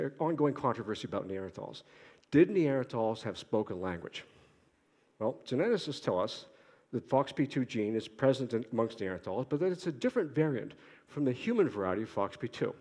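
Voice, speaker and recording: A middle-aged man from Boston giving an academic conference lecture, quick-talking with restarts and wry asides to himself. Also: medium pitch, darkish tone, husky. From Boston, United States. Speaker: conference speaker, archaeologist. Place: lecture hall. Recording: long hall reverb.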